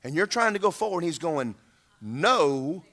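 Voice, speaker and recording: A man preaching a sermon, animated, acting out voices and rising to shouts at the peaks. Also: high voice, fast talker.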